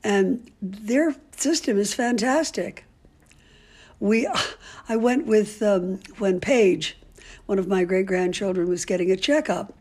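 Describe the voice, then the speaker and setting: An older woman with a husky, slightly breathy voice speaks as an interviewee. She tells stories in a candid, outspoken way. Her talk is full of ums and restarts. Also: medium pitch, slow, dark tone. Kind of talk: casual storytelling.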